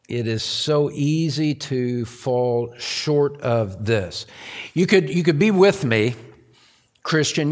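A man preaching a sermon to his congregation, repeating phrases for emphasis and rising to loud, emphatic peaks. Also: medium pitch. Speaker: pastor.

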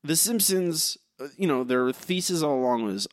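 A man co-hosting a podcast, talking in animated bursts with many halting restarts. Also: a little high, no echo, studio quality. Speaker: podcast co-host. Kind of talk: casual podcast discussion.

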